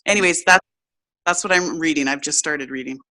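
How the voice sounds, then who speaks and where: A woman's voice: sits low, fairly quick, pushed and bright, a little hiss or hum, rough recording. A woman in a casual group chat, talking openly and rambling as she sorts out her thoughts. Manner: open, rambling, self-searching. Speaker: group member.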